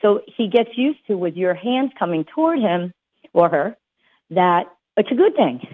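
A woman's voice: mid-range voice, sing-song, unhurried, husky. A woman dog trainer giving casual advice, chatty and full of fillers and restarts. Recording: tinny phone-like sound.

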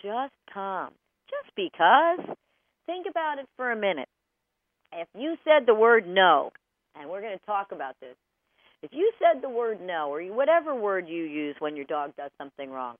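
A woman's voice: mid-range voice, no room sound, narrow, tinny audio. A woman hosting a radio talk show from a broadcast studio, giving dog training advice in an emphatic way and speaking straight to the listeners. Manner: animated, emphatic, addresses listeners directly.

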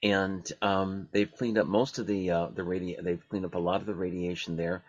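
A man hosting a radio talk show, talking in a halting way with many fillers and restarts. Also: sits low, steady tone, muffled recording.

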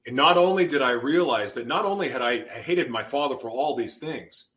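A man's voice: mid-range voice, fairly quick, a bit bright. A man guest on a podcast, giving an intense personal testimony and acting out his past outbursts as he tells it.

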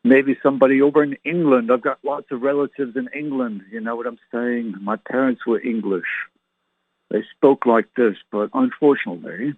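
A man's voice: mid-range voice, fairly even intonation, brisk, few pauses, breathy edge, no echo. A man in his sixties hosts his own show alone from an enclosed home patio. He talks in a chatty, joking, meandering way. His voice comes through thin and phone-like, and the sound is dry. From Canada. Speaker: show host. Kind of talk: rambling solo monologue. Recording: tinny phone-like line, dry.

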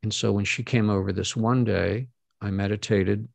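A middle-aged man, a guest speaker, earnestly telling a personal story to an audience, halting often with fillers and restarts. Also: lowish voice, steady tone, creaky, no room sound.

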